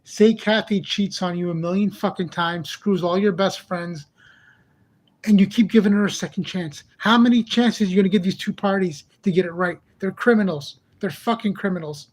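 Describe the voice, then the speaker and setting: A man's voice: sits high, normal speed. A man ranting in a heated, profane monologue for his own channel, repeating himself in exasperation. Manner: repetitive, exasperated. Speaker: channel host. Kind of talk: angry monologue vlog.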